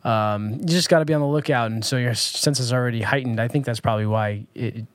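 A man from Southern California recounts his day in a loose, personal vlog, pausing often on ums and circling back over his words. His pitch sits in the middle, and the dry, close recording has no room sound. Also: dry recording. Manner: rambling, many ums and restarts. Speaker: vlogger.

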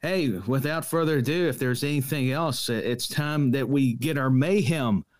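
A man's voice: medium pitch, moderate pace, no room sound, clean studio sound. A man co-hosting, talking casually with hesitant restarts. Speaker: co-host.

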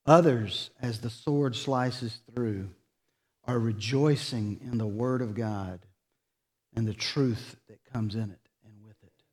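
A male pastor preaching a sermon in a church, slow and dramatic, rising to loud emphasis and dropping soft. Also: medium pitch. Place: church sanctuary.

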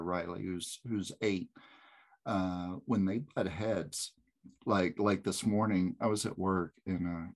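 A man in a casual chat, joking and playfully acting out what his family says. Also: low voice. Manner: jokey, playful, acts out voices.

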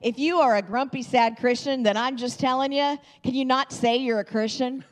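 A woman preaching in a church, cheering on and rallying the congregation with high energy. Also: steady tone, moderate pace. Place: church sanctuary.

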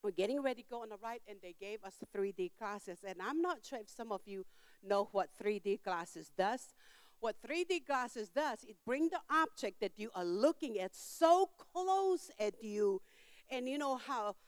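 An older woman preaching a sermon in church, telling a story with emphatic outbursts and quiet asides, in simple non-standard grammar. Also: a little high, expressive, a little slow, clean tone, dry recording.

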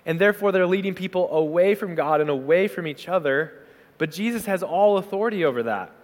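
A man preaching a sermon as pastor, conversational and animated, slipping into quick acted asides. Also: high voice. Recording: hall reverb.

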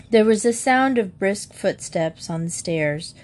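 Brief: woman narrator, mid pitch, clear even storybook reading. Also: unhurried, few pauses. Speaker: audiobook narrator.

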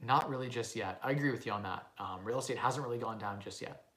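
A young Canadian man with a mid-range, slightly bright voice talks at a quick pace in an echoey, roomy space. He's a real estate investor hosting a casual livestream, rambling confidently through live Q&A with plenty of fillers and restarts.

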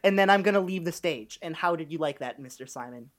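A woman's voice: low voice, fast. A young woman co-hosting a casual podcast, joking goofily and laughing often. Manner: goofy, laughing, playful deadpan jokes. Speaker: podcast co-host. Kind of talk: casual chat.

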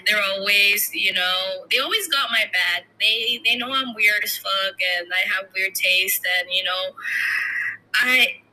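Woman podcaster, very bright, tense tone, casual and profane. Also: medium pitch, unhurried, a little hiss or hum, low-quality recording. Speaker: podcast host. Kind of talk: casual chat.

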